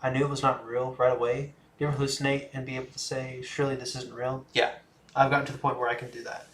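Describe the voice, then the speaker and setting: A young man in his twenties talks easily through a livestream, reading out viewer questions and answering in a loose, rambling way. His voice is mid-pitched and sits in an echoey room with a faint hum of ambience behind it. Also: level tone, fast, fairly bright tone. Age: 20s. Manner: laid-back, chatty, laughs often, trails off. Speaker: livestream host. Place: room in a home.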